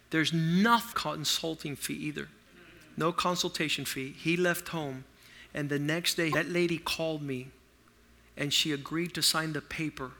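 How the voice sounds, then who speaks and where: Middle-aged male preacher, high and piercing, storytelling sermon with big swings in volume. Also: measured pace. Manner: animated, acts out quotes with sudden loud outbursts and hushed asides.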